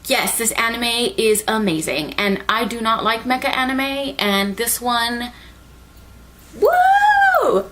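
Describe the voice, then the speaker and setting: A young woman rambling excitedly through an anime recap, full of "like" and swearing. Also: fairly high pitch, unhurried, few pauses, a little hiss or hum. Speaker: anime reviewer.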